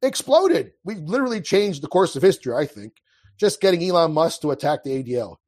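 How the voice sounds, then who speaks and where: A man with a husky, slightly breathy voice that sits a little high for a man. He talks earnestly and with passion, often breaking off and restarting his sentences in a loose, conversational flow. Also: very animated, brisk, a little mellow. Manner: earnest, impassioned, with frequent restarts. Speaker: podcast guest. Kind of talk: casual conversational monologue.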